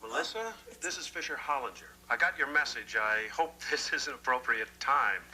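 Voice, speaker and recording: A man's voice: mid-range voice, lively intonation, normal speed, very noisy. An actor playing a courtly, formal rich man, heard as an answering machine message. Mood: gallant. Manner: formal, gallant. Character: smooth, courtly rich bookstore owner. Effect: answering machine playback.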